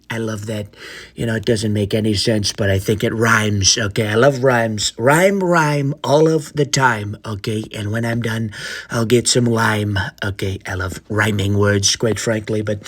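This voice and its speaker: Guy doing a bragging preschool trump kid, rambly, "okay?" after everything, mid pitch. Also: close to an everyday voice. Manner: rambling, ends phrases with "okay?" and "quite frankly". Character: boastful preschool-aged boy Donald Trump. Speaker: comedian. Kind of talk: comedy impression sketch.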